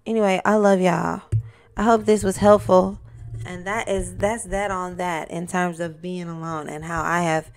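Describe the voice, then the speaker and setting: A young woman hosting her own podcast, talking straight to the listener in an animated, casual way and now and then singing a line. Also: lowish voice, moderate pace. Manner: animated, talks to listener directly, sings snippets. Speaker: podcast host. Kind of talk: casual solo podcast talk.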